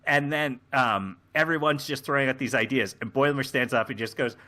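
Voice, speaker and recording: Bright-voiced man chatting on a podcast. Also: mid-range voice, brisk, hardly any pauses. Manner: rambling, many fillers, acts out scenes. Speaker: podcast co-host. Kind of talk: casual chat recapping a show.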